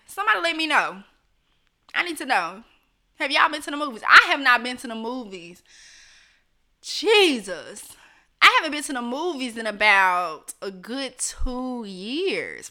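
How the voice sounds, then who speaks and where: A woman's voice: high voice, sharp tone. A woman hosting a casual live stream, reading viewer comments aloud and chatting directly to her audience with frequent laughs. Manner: chatty, laughs often, talks straight to viewers.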